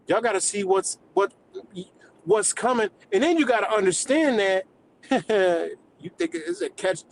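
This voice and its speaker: A man's voice: high-pitched, slight background noise, low-quality recording. A man hosting a livestream, delivering a heated, profanity-filled rant in streetwise slang. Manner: heated, swearing, streetwise slang, laughs between points. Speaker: livestream host.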